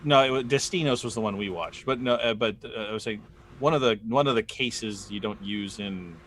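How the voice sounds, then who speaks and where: A lowish American male voice with a halting, rambling delivery, full of restarts. He chats casually on a live podcast stream. A faint hiss sits under the recording. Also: a bit bright. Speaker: podcast co-host.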